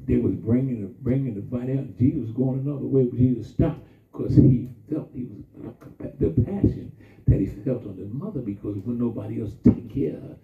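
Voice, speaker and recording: A man preaching a sermon in a call-and-response style, drawing out his emphasis slowly and then rushing through asides. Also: mid-range voice, vocal fry. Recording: distant, echoey, phone-like sound from far off.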